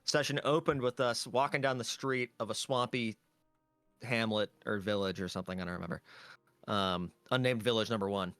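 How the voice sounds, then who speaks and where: A man's voice: on the low side, moderate pace, fairly bright tone, clear, resonant tone, dry recording, soft background music. A man, a tabletop game player, casually recapping a session in a rambling way with lots of fillers.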